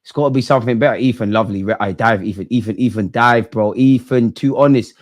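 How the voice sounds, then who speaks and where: A young man runs a live watch-along of a football match at a quick clip, his speech slangy and lively. One moment he's bursting out loudly, the next he's muttering under his breath.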